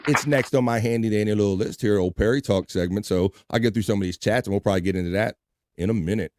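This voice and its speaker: A man's voice: lowish voice, fast talker, a little mellow, no echo. Guy hosting his stream, loose and jokey, swears a lot, dry sound. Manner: loose, laughing, swearing, reading chat aloud. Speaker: host. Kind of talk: casual livestream chat.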